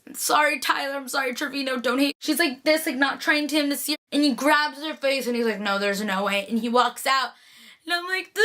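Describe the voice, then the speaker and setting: A woman's voice: high-pitched, bright, forceful tone. A young woman gushing in a casual, chatty recap of a TV episode, full of "like".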